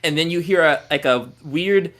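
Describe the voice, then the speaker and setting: A man's voice: fairly high pitch, moderate pace, a bit bright. Man narrating as a tabletop game master. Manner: loose, descriptive narration full of "like" and "um".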